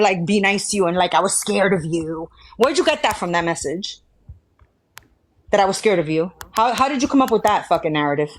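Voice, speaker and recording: A woman in a heated live argument, confrontational and taunting with constant swearing. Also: mid-range voice. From Georgia, US. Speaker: live stream participant.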